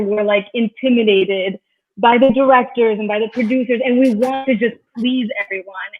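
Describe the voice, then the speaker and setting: A woman hosting an interview over a video call, talking eagerly in long run-on thoughts. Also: on the high side. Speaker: host. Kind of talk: casual interview chat. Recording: tinny phone-like call audio.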